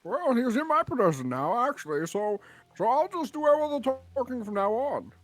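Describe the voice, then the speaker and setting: Lively-pitched friend riffing deadpan on stream. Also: normal speed, dry recording. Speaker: co-commentator. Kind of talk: casual gameplay chat.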